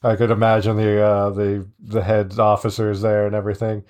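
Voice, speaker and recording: A man's voice: lowish voice, level tone, brisk, a little mellow. A man co-hosting a podcast, joking around in casual chat and laughing often. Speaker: podcast co-host.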